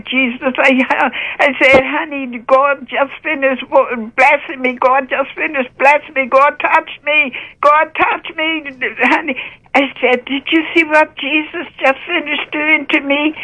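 An older woman calls to share her religious testimony, fervent and bursting into praise, her voice catching with emotion. She sits high with a sharp tone, and the phone line is muffled.

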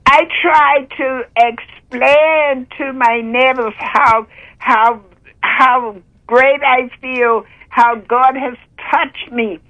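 A woman's voice: high-pitched, fairly even intonation, very slow, sharp tone. An older woman calling in to share a religious testimony, fervent and breaking into praise, her voice catching with emotion. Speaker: caller sharing a testimony. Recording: muffled phone line.

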